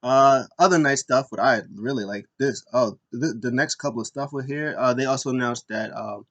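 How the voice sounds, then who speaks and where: A man's voice: moderate pace, a bit bright, muffled recording. Young male podcast host, casual, jokey, rambling wrestling recap. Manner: rambling, jokey, mimics wrestlers in high squeaky voices.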